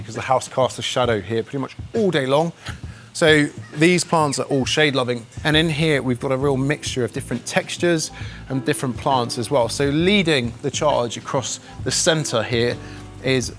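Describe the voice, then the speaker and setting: In this laid-back outdoor how-to, a man with a mid-range voice and some vocal fry shares gardening tips enthusiastically, chatting and joking along the way. A music bed plays under his speech.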